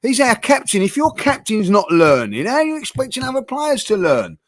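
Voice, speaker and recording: A man hosts a fan channel's football debate, his voice sitting a little on the high side. He talks with animated passion, stumbling through restarts and fillers as he makes his points. The sound is dry, with no room echo. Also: normal speed.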